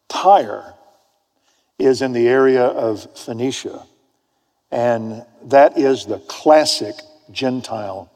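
A man delivers a sermon in a slightly husky voice, weaving a personal anecdote into scripture. He drops to hushed whispers for effect and then rises to loud emphasis. The sound carries the long reverb of a large church hall. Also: medium pitch. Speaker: preacher.

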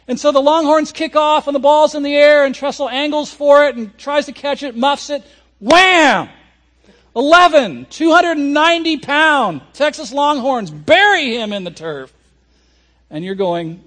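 A man preaching a sermon as a pastor, telling a lively story and acting out people's reactions. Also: extremely high pitch, normal speed. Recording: audio recording of a sermon.

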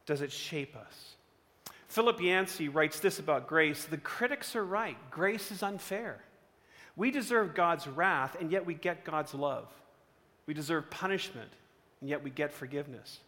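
An earnest man delivering a sermon with dramatic storytelling. His voice is bright and somewhat high for a man. It carries a long reverb, as if recorded in a large hall. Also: animated, measured pace. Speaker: preacher.

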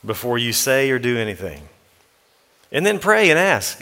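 A man's voice: medium pitch, big pitch swings, normal speed, bright, forceful tone, big-room sound. A man, a pastor with young children, preaching an earnest, practical sermon and quoting scripture as he goes. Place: church sanctuary.

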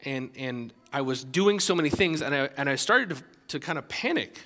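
A man preaching a sermon as pastor, animated and conversational, with many restarts. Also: medium pitch, moderate pace, big-room sound.

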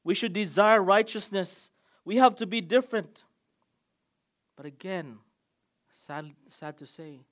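A man with a high voice preaching a sermon from the pulpit. He stresses key words with loud emphatic bursts, then drops low and soft. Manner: emphatic preaching with sudden swings in loudness. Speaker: pastor.

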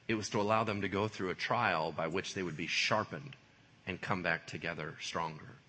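A man preaching a sermon in a lively, conversational way, full of casual slang. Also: low-pitched, normal speed, husky. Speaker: pastor.

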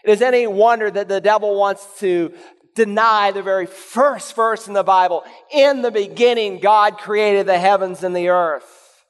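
A man preaching a sermon as pastor, animated and sometimes acting out the voices of people in his stories. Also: sits high. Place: church sanctuary. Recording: long hall reverb.

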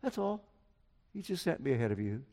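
A man's voice: medium pitch, big pitch swings, fairly quick, warm tone. An older man preaching a sermon, telling a story and acting out the quoted lines of its people. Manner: storytelling, acts out quoted dialogue. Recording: long hall reverb.

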